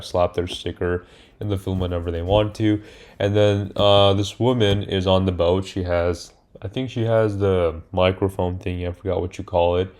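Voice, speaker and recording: Here a man with a low-pitched, somewhat mellow voice talks through a film's story like a reviewer. The recap is casual and rambling, peppered with fillers, false starts, and self-corrections.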